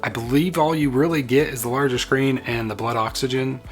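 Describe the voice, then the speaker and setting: A man's voice: medium pitch, steady tone, a little fast, faint music behind. A man talking casually in a vlog-style tech review, chatty and enthusiastic, prone to playful tangents.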